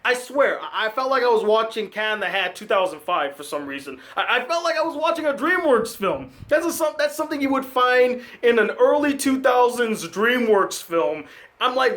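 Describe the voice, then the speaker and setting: Male film critic, high voice, sarcastic ranting delivery, casual review host. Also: expressive, moderate pace, a bit bright.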